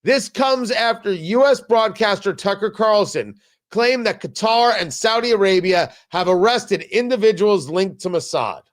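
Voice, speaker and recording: Male commentary host with a high-pitched voice, sarcastic and exasperated, halting restarts. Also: animated. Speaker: talk show host. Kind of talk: political commentary show.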